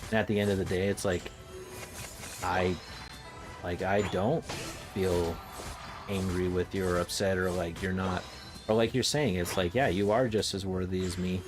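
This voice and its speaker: A young man streamer in casual chat, rambling and excitable, laughing often. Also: low voice, moderate pace, pauses often. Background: music.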